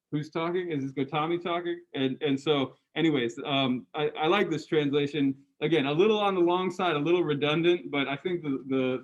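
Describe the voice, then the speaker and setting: A university lecturer, a man with a slightly higher voice, talks to his class in a loose, chatty way. He keeps turning to the room with quick questions and stumbles through restarts and ums as he explains. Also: muffled recording. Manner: casual, conversational, asks students questions, frequent ums and restarts. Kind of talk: lecture to students.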